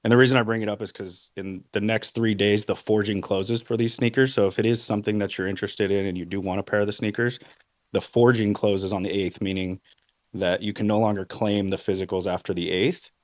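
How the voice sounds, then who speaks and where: A man co-hosting a casual chat, giving a relaxed, matter-of-fact update. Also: on the low side, fairly quick, no echo. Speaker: co-host.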